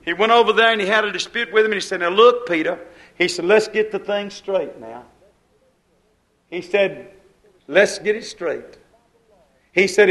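A man preaching a sermon, acting out prayers and conversations and swinging between loud exclamations and low asides. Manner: acts out quoted prayers and dialogues.

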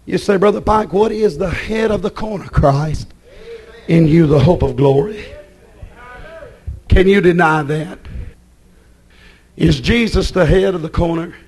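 A man preaching a sermon as pastor, excitable and breaking into shouts. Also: high voice, unhurried, long pauses, slightly rough.

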